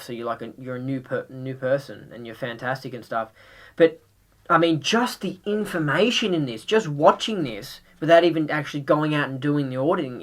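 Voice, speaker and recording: A man's voice: mid-range voice, a bit bright. A man hosting a podcast, giving a casual, earnest review and pressing his listeners again and again to watch something, with many restarts. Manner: earnest and insistent, restarts a lot. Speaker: podcast host reviewing a DVD.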